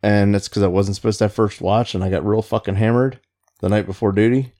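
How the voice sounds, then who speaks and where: A man's voice: on the low side, fairly even intonation, fast talker, dark tone. A middle-aged man, a Navy veteran, telling rambling stories in casual chat, swearing freely and laughing along.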